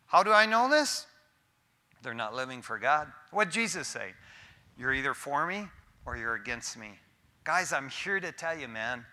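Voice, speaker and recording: A middle-aged man preaching with a very bright, forceful tone and a slightly high voice. He swings from loud, emphatic calls down to quiet, low asides, like a pastor delivering a sermon.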